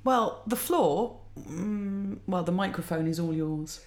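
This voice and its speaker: A woman's voice: on the low side, slow, a little mellow. A woman co-hosting a casual podcast from home, joking and laughing often. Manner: jokey, laughs often, playful banter. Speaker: podcast co-host. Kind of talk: casual chat. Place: home room with washing machine running. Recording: echoey room.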